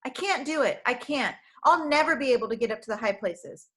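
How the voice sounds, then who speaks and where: A timid young woman, pleading and tearful, her voice lifting high and a little louder when she frets, as a woman reading a storybook puts her on. She sounds easily scared. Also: expressive, a little fast. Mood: fearful pleading.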